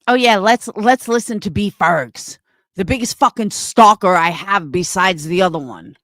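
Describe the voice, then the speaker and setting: A woman's voice: mid-range voice, normal speed, fairly bright tone, dry recording. A woman hosting a livestream, ranting angrily and swearing constantly as she answers her chat, often repeating herself. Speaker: livestream host reading chat. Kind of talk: angry livestream rant.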